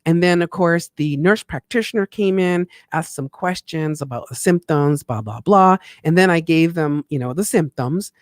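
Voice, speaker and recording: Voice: medium pitch, moderate pace, few pauses, no echo, clean studio sound. A tax consultant hosting a live talk show, chatting playfully and affectionately with viewers. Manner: animated, swings in loudness and speed. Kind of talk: casual livestream monologue.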